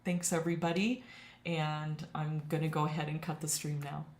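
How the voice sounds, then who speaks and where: A woman's voice: low voice, level tone, moderate pace, a little mellow. A woman watercolor teacher wrapping up a live stream in casual chat, emotional and given to laughing. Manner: chatty, emotional, laughs often. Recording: echoey room.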